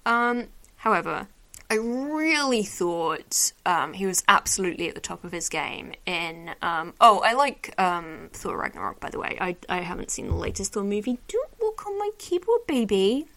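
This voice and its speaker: A woman's voice: lowish voice, animated, moderate pace, gravelly, bright, forceful tone. Chatty woman podcaster gushing over favorites. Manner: chatty, gushing, rambling with many fillers. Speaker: podcast host. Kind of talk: casual solo awards chat.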